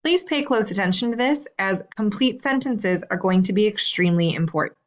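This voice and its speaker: A woman teacher reading out homework questions in a slow, clear, deliberate way. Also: mid-range voice, expressive. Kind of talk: recorded assignment instructions.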